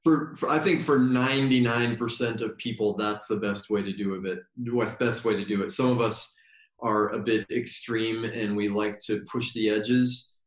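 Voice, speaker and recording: A man guest on an interview, telling stories in a reflective, meandering way and slowing down for emphasis. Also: lowish voice, fairly even intonation. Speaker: yoga teacher, podcast guest. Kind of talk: relaxed storytelling interview. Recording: roomy echo.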